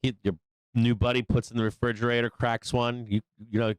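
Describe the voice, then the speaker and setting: A man in the middle of his own trading show, talking loosely and cursing freely as he hands out advice. His voice is smooth and clear, with an even mid pitch. The sound is dry and close, with no room around it. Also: moderate pace, dry recording. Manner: profane, joking, acts out little scenes in higher voices. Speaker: stock trading show host. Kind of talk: casual rambling advice to viewers.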